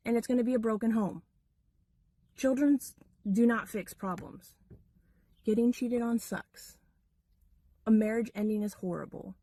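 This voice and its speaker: A woman's voice: mid-range voice, a little mellow, dry recording. A young woman ranting to camera in a blunt, exasperated tone. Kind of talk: casual rant to camera.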